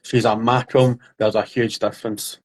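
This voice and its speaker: A man's voice: medium pitch, little pitch movement, moderate pace, a little mellow. A man co-hosting a casual podcast, teasing and joking in loose banter. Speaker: podcast co-host. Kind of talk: casual chat.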